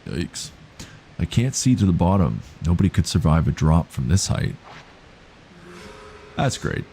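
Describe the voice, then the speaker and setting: A man's voice: deep voice, sing-song, normal speed, warm tone, slight background noise. A man streaming a horror game live, reading game text aloud and joking dryly with his chat. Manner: dry, joking asides to chat. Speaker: gaming streamer.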